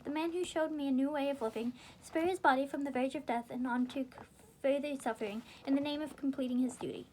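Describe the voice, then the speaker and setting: A woman with a high, light voice reads a game novelization aloud at an easy pace. She wanders into casual, rambling remarks and sometimes drops almost to a whisper. A faint ambient hum sits in the background. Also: darkish tone. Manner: breaks off into giggly, rambling comments, sometimes dropping to a whisper.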